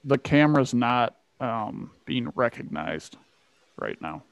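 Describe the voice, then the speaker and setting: A man's voice: mid-range voice, very animated, slow pace, gravelly, dry recording, dull audio. A man co-hosting a casual truck podcast over a video call, rambling and joking about his own tech trouble. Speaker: podcast co-host. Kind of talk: casual chat.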